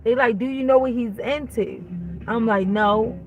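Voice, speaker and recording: Speaking unhurriedly in a fairly high voice, a woman vlogger recounts a story bluntly and casually, with profanity. She plays both parts of the dialogue in an animated retelling, and the audio is dull with a little hiss or hum.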